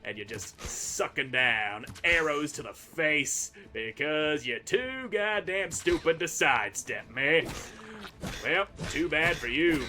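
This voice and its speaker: A man's voice: on the high side, expressive, slow pace, bright, forceful tone. A man giving crude, sarcastic commentary while playing a video game, trash-talking the enemies he fights. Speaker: gaming channel host. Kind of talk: gameplay commentary.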